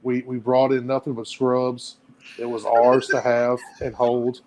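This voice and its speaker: A man with a medium-pitched voice co-hosting a casual podcast. He teases his friend in an easygoing, joking way. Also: flat delivery, unhurried, slight background noise. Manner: teasing, easygoing. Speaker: podcast co-host. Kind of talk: casual chat.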